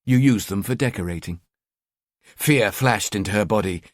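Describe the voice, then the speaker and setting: A man narrating a crime thriller audiobook in the first person, with a cold, measured delivery. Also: fairly low pitch, no echo, clean studio sound.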